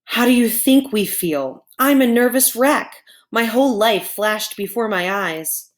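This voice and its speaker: A woman voicing a nervous, fretful cow in a storybook reading, complaining frantically. The voice jumps high and loud as the animal frets. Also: lively intonation, unhurried. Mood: frantic.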